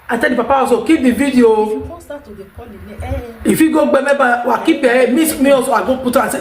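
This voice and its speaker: A Nigerian woman talking straight to her viewers, emphatic and rambling, repeating her points. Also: sits high. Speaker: vlogger. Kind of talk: unscripted monologue to viewers. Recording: echoey room.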